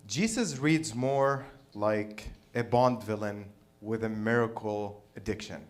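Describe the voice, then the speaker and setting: A man performing a stand-up routine, telling irreverent stories in an animated way. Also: fairly low pitch, takes it slowly. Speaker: stand-up comedian.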